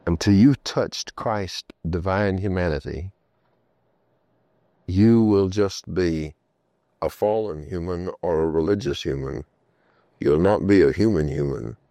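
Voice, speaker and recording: Deep-voiced male preacher telling stories. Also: a little slow, pauses often, dark tone, dry recording. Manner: storytelling, emphatic repetition. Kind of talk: sermon.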